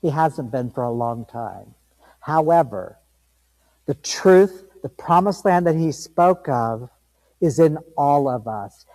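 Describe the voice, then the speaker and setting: A man's voice: a little high, animated, takes it slowly, dark tone, in a large hall, low-quality recording. A man giving a sermon as a guest reverend, emphatic and conversational in a church sanctuary.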